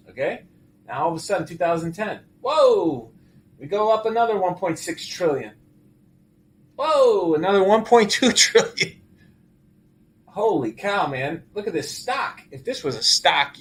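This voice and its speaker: A middle-aged man hosting casual market commentary, animated and exclaiming as he walks through figures. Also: fairly high pitch, a little hiss or hum. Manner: animated, exclaiming and laughing at the numbers. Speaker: show host.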